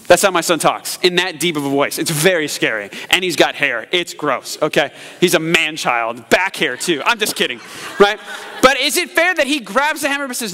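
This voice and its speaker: A man in his thirties preaching a lively sermon as pastor, acting out quotes and jokes. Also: very high-pitched, a little fast. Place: church sanctuary. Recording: live sermon in a large reverberant hall.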